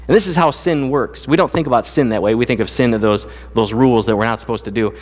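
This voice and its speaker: Speaking fast with few pauses, a medium-pitched pastor fills the church sanctuary with big-room sound. He's a casual, joking storyteller, preaching a conversational sermon peppered with funny anecdotes from his own life.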